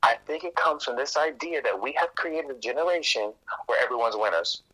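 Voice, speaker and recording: A man's voice: medium pitch, brisk, slightly rough, low-quality recording. A man, a coach and teacher, talking casually as a podcast guest and acting out the voices in his stories. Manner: lively storyteller, acts out quoted voices.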